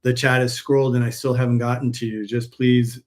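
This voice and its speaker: A man's voice: medium pitch, little pitch movement, a little fast, a little mellow. A man hosting a live stream and chatting with viewers, telling long stories in a rambling way with frequent restarts. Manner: rambling storyteller, many restarts. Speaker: host, pet supplement seller.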